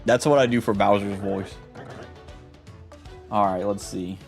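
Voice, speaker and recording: A man's voice: lowish voice, fairly even intonation, measured pace, creaky, faint music behind. A young man hosting a let's play, chatting casually in a laid-back, slangy way about his voice acting. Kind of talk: casual game commentary.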